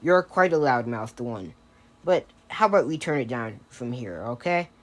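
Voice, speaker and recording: A man's voice: medium pitch, animated, moderate pace, lightly acted. A man voicing a jovial, towering older male hero who speaks with cheerful politeness.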